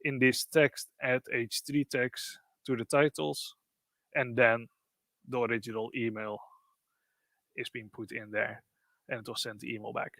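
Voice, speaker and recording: A man's voice: mid-range voice, flat delivery, measured pace, vocal fry, long pauses, sharp tone, no echo. Man walking through a tech demo. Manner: explanatory, loose phrasing with frequent "kind of". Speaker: presenter. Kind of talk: live software demo walkthrough.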